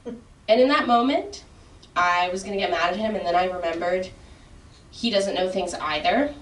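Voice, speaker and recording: A woman trying out a stand-up bit in a comedy class, with a soft, understated delivery. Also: medium pitch, fairly quick. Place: class room. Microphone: far room mic. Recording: roomy distant room recording.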